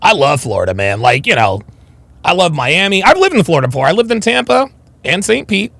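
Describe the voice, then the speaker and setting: A man's voice: high voice, sing-song, a little fast, gravelly, a bit bright, no echo. A man hosting a casual livestream, reacting with mockery to a video and reading viewer comments aloud. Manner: mocking, reads chat comments aloud. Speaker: livestream host.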